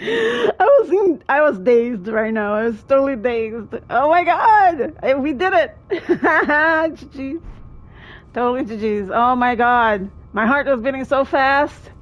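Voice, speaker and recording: Excitable woman streamer, high voice. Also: a little slow, highs cut off. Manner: excitable, yelps and laughs often. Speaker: streamer playing a video game. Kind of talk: live gameplay commentary.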